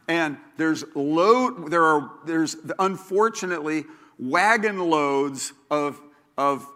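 A man's voice: a little high, bright, forceful tone. A man preaching a sermon as pastor, repeating key lines and telling stories with a laugh.

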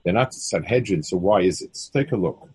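A man's voice: low voice, animated, a little fast, a little mellow, husky. A man teaching a Torah text study, often stumbling and repeating words, weaving Hebrew terms into his English. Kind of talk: halting text study lesson.

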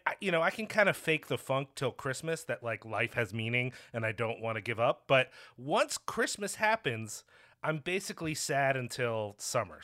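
A man's voice: mid-range voice, pushed and bright. A man from Philadelphia co-hosting a podcast, talking in a rambling, self-deprecating casual chat. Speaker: podcast co-host.

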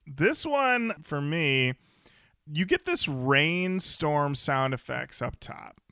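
Man, podcast co-host, lively pitch, gravelly, bright tone, dry close mic. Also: slow pace, no room sound. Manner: animated, jokey, acts out lyrics in quoted voices. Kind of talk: casual chat.

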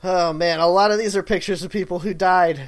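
A man's voice: high-pitched, steady tone, a little fast. A man co-hosting a podcast, joking wryly through casual banter and chuckling often. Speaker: podcast co-host.

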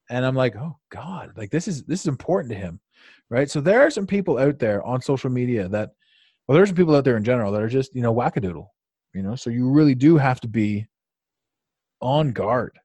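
Man, podcast host, mid-pitched voice, dry close mic, casual, profane, laughing, rambling. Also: darkish tone, slightly rough, dry recording. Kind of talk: casual conversational interview.

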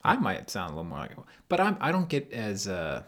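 A man co-hosting a podcast in casual chat. He teases dryly in a calm way. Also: lowish voice, a little fast. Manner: calm, dry teasing. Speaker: podcast co-host and editor.

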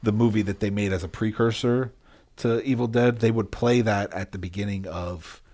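Deep husky man telling a story. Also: fairly even intonation, moderate pace, darkish tone. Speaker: podcast co-host. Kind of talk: casual movie chat.

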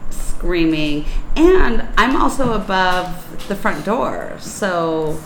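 A woman's voice: on the low side, expressive, extremely slow, vocal fry, roomy sound, slight background noise, poor audio. A woman co-hosting a podcast in casual chat, amused and laughing often. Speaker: podcast co-host. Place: apartment room.

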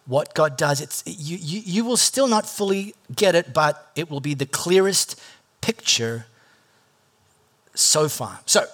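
A man preaching a sermon in a conversational, animated storytelling way, with jokes and asides, acting out the disciples as he goes. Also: a little high, slow pace. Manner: animated storytelling, acts out the disciples and Jesus in quoted voices. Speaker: pastor.

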